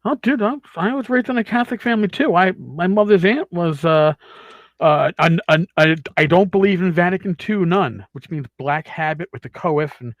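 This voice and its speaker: A podcast host with a thick Queens, New York accent and a slightly high voice. He chats casually and tells rambling, profane stories. The sound is dry and close to the mic. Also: normal speed, dry recording, highs cut off. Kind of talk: casual chat.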